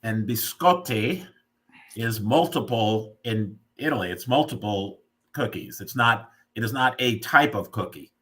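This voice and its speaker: A man with a slightly low but bright, forceful voice hosts a casual live video chat. He talks playfully and explains words the way a teacher would, and he sounds as if he is on a video call. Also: expressive, a little slow. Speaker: host.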